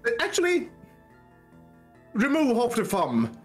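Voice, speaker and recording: Casting: high, very lively male voice, chatty co-host, storytelling with faint music behind. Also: a little slow. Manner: storytelling, animated, digressive. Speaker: co-host on a game stream. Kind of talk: casual chat.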